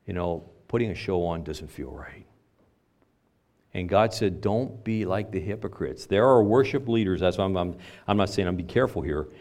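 An older man preaching to his congregation in a low voice. He talks in a conversational way, pushes some phrases out loud for emphasis, then drops into quiet asides. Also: animated, normal speed. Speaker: pastor. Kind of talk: sermon.

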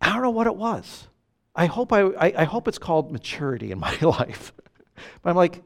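A man's voice: high-pitched, sing-song, normal speed. A man preaching a sermon, telling a personal story and acting out the quotes with animation. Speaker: pastor.

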